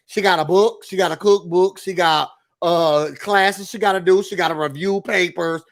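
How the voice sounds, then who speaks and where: A man hosting a casual reality TV recap, chatting in an animated, gossipy way and mimicking cast members. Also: sits high, moderate pace. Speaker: recap show host.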